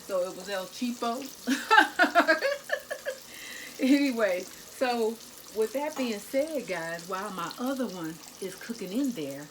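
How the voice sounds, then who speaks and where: A cooking vlogger with a medium-pitched voice chats casually with viewers from her home kitchen, addressing them as "y'all" and "guys." A little hiss or hum sits under the audio.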